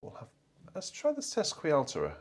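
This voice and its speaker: Seated at the organ in a church, the same northern host runs a relaxed livestream, reading out viewer comments and talking to himself as he picks stops. His voice is a little high, his pitch swoops wildly, and his pace is moderate; his English accent, from North Derbyshire and South Yorkshire, carries a mild Northern trace.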